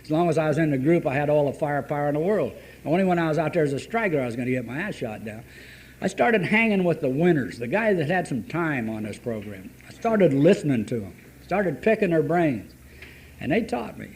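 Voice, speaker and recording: A man's voice: on the high side, very animated, fairly quick. An older man telling a plain-spoken, folksy recovery story at an AA meeting. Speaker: AA meeting speaker. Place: meeting room. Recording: old cassette tape with faint hiss.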